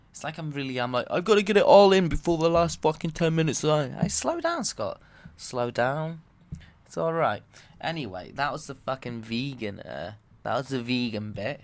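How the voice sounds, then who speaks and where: A man, a comedian and podcast host, delivering a loud, swearing, animated comedic rant. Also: medium pitch, no echo. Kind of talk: ranting comedic monologue.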